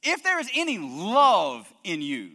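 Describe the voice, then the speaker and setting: A man's voice: high-pitched, wildly swooping pitch, a little slow, bright, forceful tone. A male pastor preaching a sermon with emphasis, often repeating words as he builds his points. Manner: emphatic preaching with frequent word repetitions. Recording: long hall reverb.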